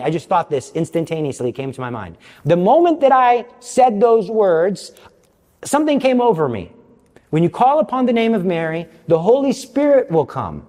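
Animated male speaker in a reverberant hall. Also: normal speed. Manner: animated, jumps high for quoted lines; self-mocking humor. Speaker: Catholic speaker. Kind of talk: storytelling talk.

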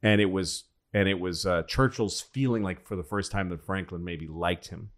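A man's voice: low-pitched, normal speed. A man telling history stories in a rambling, profane, casual way as a podcast co-host. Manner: rambling, profane, acts out quotes.

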